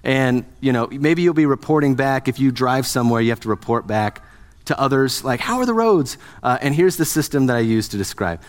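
A man's voice: mid-range voice, fairly quick. A man preaching a sermon as a pastor, in a conversational, joking way, asking his congregation questions.

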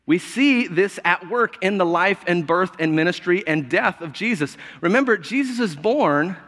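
A man delivers a casual, humorous sermon, laughing easily and stumbling over restarts. His voice sits a little high for a man. The sound carries a long reverb, as in a church sanctuary. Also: expressive, normal speed, fairly bright tone. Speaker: pastor.

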